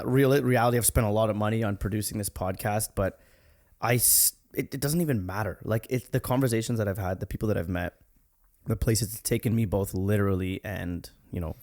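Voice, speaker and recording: A man's voice: fairly low pitch, a little mellow. A man hosting a podcast, talking in an earnest, reflective way with frequent restarts. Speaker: podcast host. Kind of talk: casual podcast conversation.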